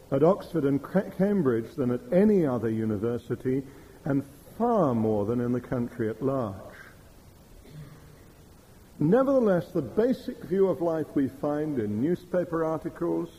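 A middle-aged man preaching a sermon, telling stories in a measured way. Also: fairly high pitch, big pitch swings, dark tone, poor audio. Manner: measured storytelling with quoted Russian phrases.

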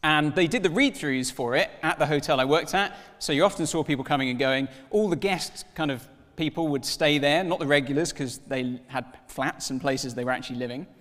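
A man in his thirties preaching a sermon, telling stories with lively acted-out dialogue. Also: a little high, a little fast, few pauses, long reverb tail. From Wales. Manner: animated storytelling, acts out dialogue in voices.

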